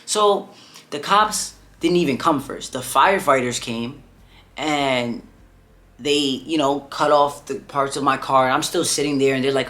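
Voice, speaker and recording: This young man's casual vlog is a rambling personal story stuffed with "like" and "bro." He speaks at medium pitch without hurrying, and his tone is sharp.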